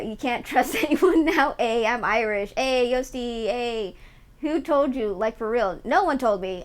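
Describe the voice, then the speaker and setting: A woman streamer chatting casually and teasing her viewers while reacting to a video, laughing often. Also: fairly high pitch. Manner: playful, giggly, teasing.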